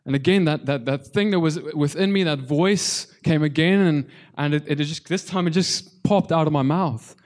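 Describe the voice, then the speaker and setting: Male preacher, tearful testimony, halting delivery, mellow tone, slightly high. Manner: halting, repeats words, addresses congregation. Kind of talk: testimony sermon.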